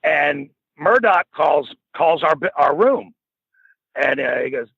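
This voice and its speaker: A man's voice: fairly high pitch, expressive, a little slow, gravelly, a bit bright, husky, no echo. A middle-aged man telling a rambling, profane anecdote in a casual way, often laughing as he goes. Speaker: storyteller guest. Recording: dull lo-fi dry recording.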